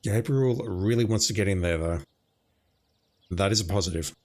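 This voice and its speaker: A man's voice: sits low, moderate pace. A man giving casual commentary while playing a video game, thinking aloud as he goes. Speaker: let's play commentator.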